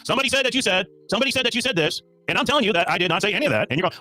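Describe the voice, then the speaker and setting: A man's voice: sits high, expressive, racing, pushed and bright, dry recording, faint music behind. A man hosting a livestream, defending himself over and over in a heated call-in argument. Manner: defensive, repetitive, insistent. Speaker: livestream host.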